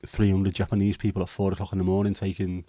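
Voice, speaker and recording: Speaking fast in a low, mellow monotone, this livestream host from Liverpool, England chats through his viewers' comments. His Scouse banter is rambling and hesitant, with the odd swear, and there's no echo.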